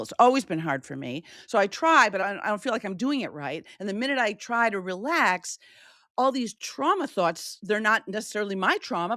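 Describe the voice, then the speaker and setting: A woman hosting a podcast, telling a personal story in an animated way and acting out quoted voices. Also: no echo, studio quality. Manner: animated, shifting pitch widely for quoted voices. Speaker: podcast host.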